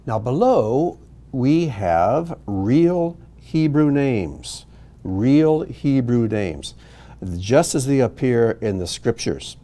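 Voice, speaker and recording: Slow, patient man teaching a language lesson. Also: medium pitch, expressive, warm tone. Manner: patient, explanatory, with fillers and self-corrections. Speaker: Hebrew teacher.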